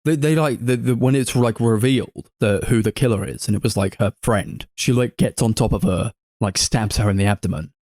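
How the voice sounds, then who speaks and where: A man's voice: on the low side, a little fast, few pauses, a little mellow, no echo, studio quality. A man co-hosting a casual movie review podcast, sarcastic and mocking, swearing freely. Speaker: podcast co-host.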